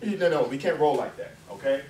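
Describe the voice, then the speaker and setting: A man's voice: fairly high pitch, lively intonation, quick pace, a little mellow, a little hiss or hum. A man giving an impassioned college lecture, emphatic and conversational, firing off rhetorical questions. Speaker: guest lecturer. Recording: echoey room, mic far off, faint ambience.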